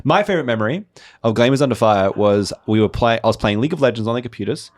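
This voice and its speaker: A young man co-hosting a podcast, telling stories in a casual, animated way and acting out the people in them. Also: mid-range voice, quick pace, no echo. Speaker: podcast co-host. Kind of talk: casual storytelling chat.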